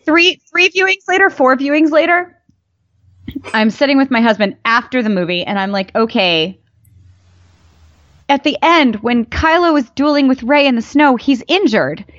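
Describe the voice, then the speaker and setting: A woman telling stories in casual fan chat, animated and emphatic, her voice jumping up for emphasis. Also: high voice, normal speed, long pauses, dry recording. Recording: dull lo-fi dry mic.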